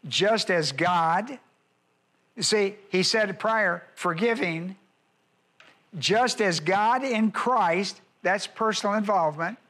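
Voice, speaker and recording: High-voiced pastor repeating phrases. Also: male voice, bright, forceful tone. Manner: repeats key phrases for emphasis; slows and stresses words. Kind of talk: Bible study sermon.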